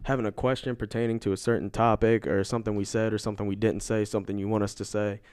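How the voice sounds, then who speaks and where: A young man co-hosting a podcast in casual chat, laid-back and a little halting as he explains how listeners can take part. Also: lowish voice, little pitch movement, darkish tone, smooth, no echo, clean studio sound. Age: young adult. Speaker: podcast co-host.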